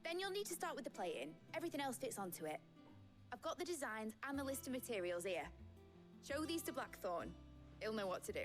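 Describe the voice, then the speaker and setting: A woman's voice: a little high, very animated, a little fast. An actress with a Yorkshire accent voicing a young ship engineer in a video game, talking eagerly as she explains her invention. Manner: chatty, enthusiastic, explains things. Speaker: game character. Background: game music.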